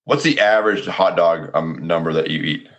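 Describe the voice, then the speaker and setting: A man's voice: low-pitched, moderate pace, a bit bright, muffled recording. A man co-hosting a casual sports and beer podcast, talking in a rambling, joking way with lots of fillers. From United States. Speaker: podcast co-host. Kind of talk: casual chat.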